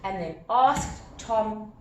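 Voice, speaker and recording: A woman teacher explaining a grammar lesson step by step, animated and repeating key points. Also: mid-range voice, slow, slight background noise. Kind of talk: recorded grammar lesson at a whiteboard. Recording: echoey room with faint ambience.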